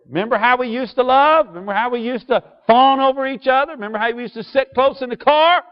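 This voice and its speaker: A man preaching a sermon to a congregation, asking them questions and switching from loud emphasis to quiet asides. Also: very high-pitched, quick pace. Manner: call-and-response questions to the congregation. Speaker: pastor. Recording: dull lo-fi sound.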